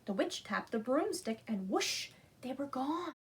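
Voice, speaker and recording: Librarian woman reading storytime aloud, slow and animated, slightly husky. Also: high-pitched. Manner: animated, asks children to join in. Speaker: children's librarian. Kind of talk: reading a picture book aloud.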